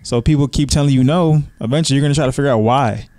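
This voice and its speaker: Mellow-voiced male podcast guest. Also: racing, no room sound. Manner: short agreeing remarks, dropping low at the end. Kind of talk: casual podcast conversation.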